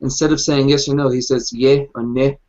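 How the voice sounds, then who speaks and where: A man's voice: medium pitch, flat delivery, quick pace, a little mellow. Male panelist, thoughtful, hesitant explainer, muffled call sound. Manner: explanatory, hesitant with many ums. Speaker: game master panelist. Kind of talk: casual hangout chat. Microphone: video call. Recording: dull lo-fi video call audio.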